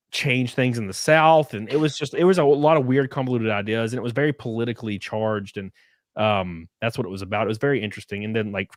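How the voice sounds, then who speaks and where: With a mid-range voice, a young streamer reads his chat aloud, rambling, restarting sentences, leaning on fillers, and cursing freely. The recording is dry and studio quality.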